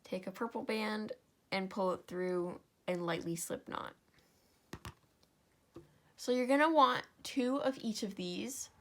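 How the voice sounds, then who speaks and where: A woman's voice: medium pitch, slow, pauses often. A young woman hosting a step-by-step craft tutorial, tired and yawning, apologizing as she talks through each stitch.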